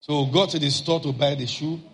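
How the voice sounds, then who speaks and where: A man preaching, telling a personal story in an animated way and acting out shouted outbursts. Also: fairly high pitch, fairly quick.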